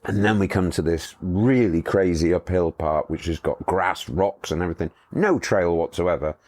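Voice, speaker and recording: A man's voice: deep voice, normal speed, darkish tone. A middle-aged man, a motorcycle tour company owner, telling rambling anecdotes in a casual interview, chuckling as he goes.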